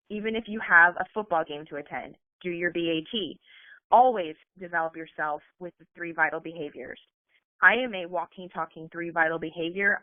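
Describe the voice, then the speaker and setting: A woman's voice: lowish voice, dry recording. A woman giving an earnest motivational talk on a team call, chatty and full of "like". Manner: earnest, fast, peppered with "like". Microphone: phone on a conference call. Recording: tinny phone line, dry.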